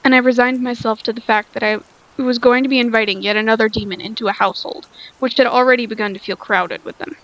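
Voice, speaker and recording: A woman's voice: a little high, fairly even intonation, fast, a bit bright, highs cut off. A woman reading a story aloud, sounding tired, stumbling over lines and rereading them. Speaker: story reader.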